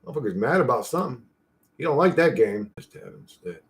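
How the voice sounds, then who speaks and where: In a loose, cursing ramble, a channel host talks to himself while clicking through an image generator. His medium-pitched voice is very animated and moves at a quick pace.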